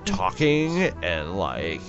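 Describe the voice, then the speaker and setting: A man's voice: low voice, huge pitch swings, very slow, faint music behind, pitched below the performer's own voice, exaggerated voice. A man voicing a petulant teenage apprentice who grumbles and complains, on a dull lo-fi recording. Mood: sulky. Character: sulky petulant teenage male Jedi apprentice.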